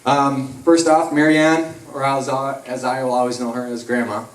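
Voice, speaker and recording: A man's voice: mid-range voice, level tone, normal speed. Man telling funny stories, echoey hall. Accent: Upper Midwest American. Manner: storytelling, jokey, acts out quotes. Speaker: eulogy speaker, close friend. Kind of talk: memorial eulogy with stories. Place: large hall at a memorial. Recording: echoey hall, mic from far off.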